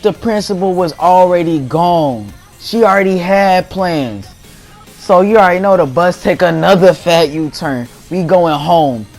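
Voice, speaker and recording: A man's voice: high voice, a little slow. Young man, casual slangy storytelling, faint music behind. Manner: animated, slangy, laughs while telling. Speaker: gaming channel host. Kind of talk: casual storytelling over gameplay.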